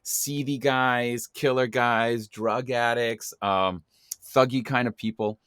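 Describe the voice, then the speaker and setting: A man's voice: mid-range voice, fairly even intonation, takes it slowly, a bit bright, smooth, dry recording, studio quality. A man hosting an acting podcast who talks enthusiastically and emphatically. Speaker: podcast host. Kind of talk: podcast interview conversation.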